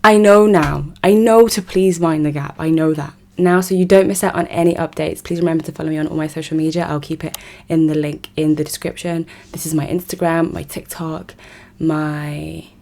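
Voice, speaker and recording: A woman's voice: deep voice, creaky, dark tone. A young woman from South West London with a South London English accent, giving emphatic, incredulous commentary straight to her viewers. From South West London, England. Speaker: vlogger. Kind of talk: casual commentary to camera.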